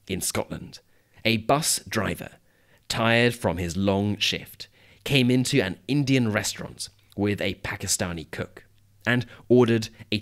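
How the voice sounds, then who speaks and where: A British man hosting an educational podcast, reading a scripted story in a clear, measured way for learners. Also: on the low side, fairly bright tone. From Britain. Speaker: podcast host.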